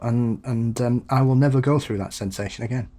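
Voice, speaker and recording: A mellow, medium-pitched English man co-hosts a podcast, talking fairly quickly in a casual chat. Anecdotes come with frequent laughter and acted-out voices.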